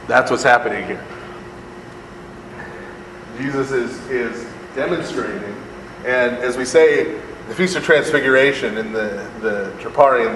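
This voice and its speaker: A man leads a live Bible study conversationally, joking, acting out voices, and asking "right?" after almost every point. His mid-pitched, fairly bright voice carries a long reverb, as if in a large hall, with a faint low air-conditioning hum underneath.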